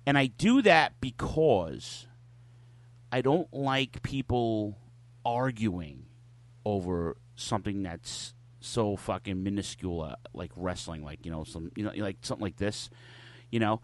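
A man's voice: lowish voice, unhurried. A man in his forties hosting a podcast, telling loose stories in casual chat and swearing constantly. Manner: profane, loose storytelling with lots of cursing. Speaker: podcast host.

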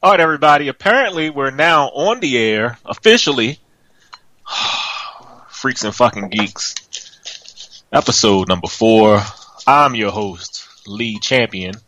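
A man's voice: mid-range voice, animated, slow pace, bright, forceful tone, no echo, poor audio. A man hosting a podcast, ranting in exasperation, swearing and laughing as he waits for his co-host. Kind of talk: profane comedic podcast rant.

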